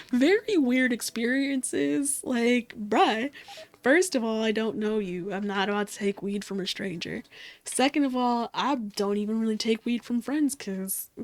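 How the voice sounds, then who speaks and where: A woman's voice: fairly high pitch, no echo. A young woman vlogger telling casual stories in a rambling, laid-back way, swearing freely and laughing often. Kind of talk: casual storytelling while crafting. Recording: faint music behind.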